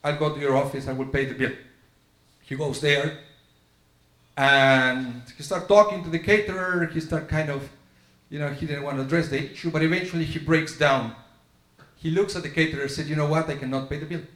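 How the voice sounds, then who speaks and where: A man with a slightly bright voice and fairly even intonation preaches briskly in a synagogue sanctuary, delivering a storytelling sermon. He acts out dialogue with shifting pitch, and the sanctuary sounds echoey.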